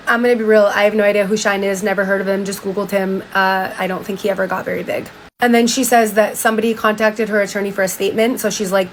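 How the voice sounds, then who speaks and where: A woman's voice: medium pitch, fairly even intonation, a little fast, a little hiss or hum, poor audio. A woman casually retelling a book's story in her own words, chatty and full of "like", with bursts of disbelief. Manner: chatty, lots of "like", exclaims in disbelief. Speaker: commentator. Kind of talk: casual commentary retelling a book.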